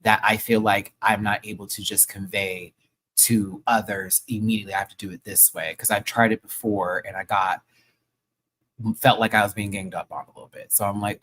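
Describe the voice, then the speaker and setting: A man runs his own channel and casually recaps a live show at a moderate pace. He's slangy and gushing, breaking into sudden high, excited exclamations.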